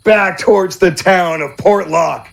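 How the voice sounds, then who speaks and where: A man running a tabletop game as game master, narrating the scene in a steady, matter-of-fact way. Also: high-pitched, a little slow, creaky.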